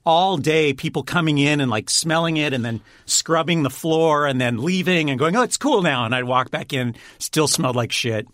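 A man's voice: fairly high pitch, fairly bright tone, dry recording. Chatty man telling stories, dry mic. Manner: chatty, laughs often, halting restarts. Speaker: guest, director and writer. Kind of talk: casual storytelling interview.

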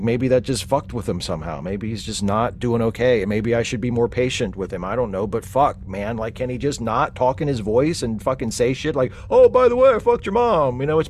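Man playing a grieving young guy, rambling and fed up, mid-pitched, faint hiss behind. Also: a little mellow, close to an everyday voice. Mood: brooding. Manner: rambling, frustrated, heavy with fillers. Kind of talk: comedic audio drama acting.

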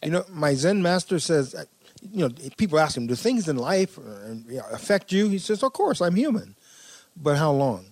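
A man with a slightly raised voice talks calmly and thoughtfully on a podcast. He laughs softly as he speaks, and the sound is dry and close, with no room echo. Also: fairly high pitch, a little fast. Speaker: podcast co-host. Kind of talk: relaxed conversational chat.

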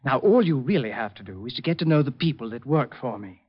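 An actor playing a brisk, businesslike hat designer giving instructions, in 1940s radio acting from a muffled old broadcast. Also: male voice, mid-range voice, expressive, slightly rough.

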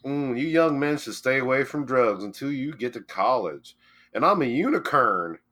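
A pushy male unicorn with a folksy, scolding way of talking, as a man puts him on in a comedy podcast. The voice sits higher and louder than the man's own, and the lines are drawn out slowly. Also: very animated.

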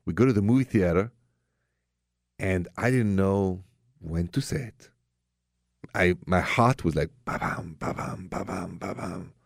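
A man's voice: sits low, a little slow, long pauses, dry recording, studio quality. A man with a French accent hosting a radio love-advice show, telling stories and talking frankly with callers. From France. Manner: warm storytelling, direct and frank with callers. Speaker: radio host.

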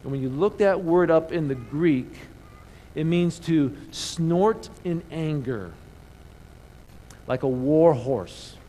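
A man preaching a sermon in church, animated, calling the congregation to answer back. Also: on the high side, slow, poor audio. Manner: animated preaching with call-and-response. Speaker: pastor. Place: church sanctuary.

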